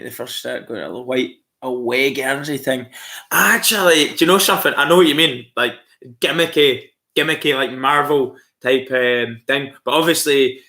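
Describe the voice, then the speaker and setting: A man's voice: medium pitch, sharp tone. A man hosting a casual live stream, chatty and rambling with lots of fillers. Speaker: livestream host.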